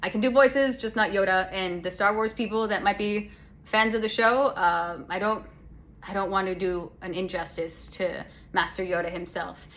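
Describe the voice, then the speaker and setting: A woman's voice: mid-range voice, fairly even intonation, moderate pace, fairly bright tone. A young adult woman from Canada, hosting a casual solo podcast chat in a sarcastic, rambling way with lots of self-corrections. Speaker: podcast host. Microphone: phone.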